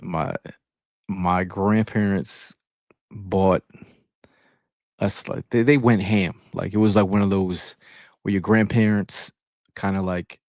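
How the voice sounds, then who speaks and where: A man's voice: deep voice, steady tone, slow pace, long pauses, a little mellow, no echo, studio quality. A man co-hosting a casual podcast, telling stories emphatically and repeating himself as he goes. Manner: storytelling, emphatic, repeats phrases. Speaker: podcast co-host. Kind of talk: casual sports podcast banter.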